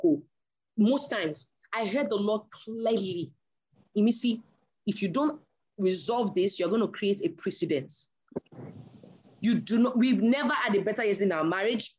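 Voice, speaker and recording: A woman preaching a sermon, telling a story from her own marriage and acting out the voices in it. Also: a little high. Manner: animated storyteller acting out dialogue.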